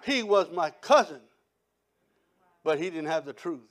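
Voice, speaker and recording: A man preaching a sermon, telling his testimony in an animated storytelling way and quoting other people. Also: a little high, a little slow. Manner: animated storytelling with quoted voices.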